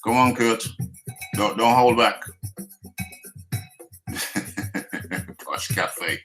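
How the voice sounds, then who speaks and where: A British man hosts a casual live boxing stream with a bright, forward tone. He jokes, teases his chat and repeats phrases as he goes. Faint music runs low behind him. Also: very slow. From United Kingdom. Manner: jokey, teasing, chatty with viewers; laughs often, repeats phrases. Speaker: boxing talk show host.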